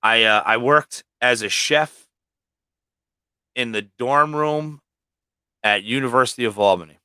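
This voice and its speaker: A man who is a livestream guest, rambling through personal stories and swearing freely. His voice sits at an ordinary middle pitch. The recording is dry and close, with no room echo. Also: a little slow, pushed and bright, clean tone. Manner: rambling, heavily profane storytelling. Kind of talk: casual storytelling.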